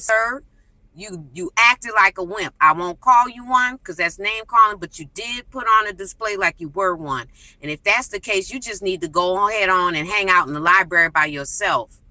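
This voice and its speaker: A woman's voice: medium pitch, moderate pace, pushed and bright, no room sound, poor audio. A woman calling in to a live stream, speaking indignantly with scolding rhetorical questions. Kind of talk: impassioned call-in commentary.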